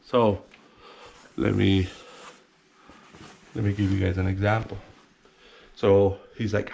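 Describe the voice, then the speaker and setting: A man's voice: on the low side, flat delivery, measured pace, creaky, pauses often, darkish tone, a little hiss or hum. A man casually telling a personal story to the camera, rambling and repeating words, sometimes acting out other people in a whisper.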